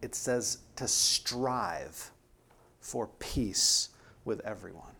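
A man's voice: lowish voice, extremely slow, creaky, pushed and bright, husky. A man preaching a sermon in an earnest, emphatic way, pressing hard on key words.

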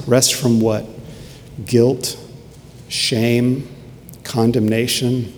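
A man preaches with earnest emphasis and returns to key phrases again and again. His mid-pitched voice carries a long reverb tail, and faint ambient noise sits behind it, as in a church sanctuary. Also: little pitch movement, takes it slowly, long pauses, a little mellow. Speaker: pastor. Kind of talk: sermon.

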